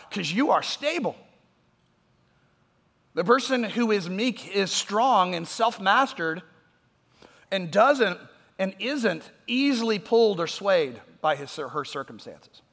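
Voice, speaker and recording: A man preaching a sermon, talking conversationally and moving between loud emphatic points and quiet asides. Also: high-pitched. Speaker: pastor. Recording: long hall reverb.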